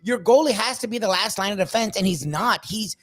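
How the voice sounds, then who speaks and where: A man's voice: sits high, fairly quick, a bit bright, no room sound. A man co-hosting a casual sports talk show, speaking bluntly and emphatically with frequent swearing.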